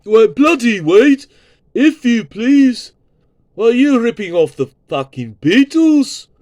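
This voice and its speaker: A man doing a put-on to play an indignant male rock star who loudly accuses a band of copying. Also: sing-song, slow, no echo, studio quality, full character voice. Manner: high, loud, exclamatory.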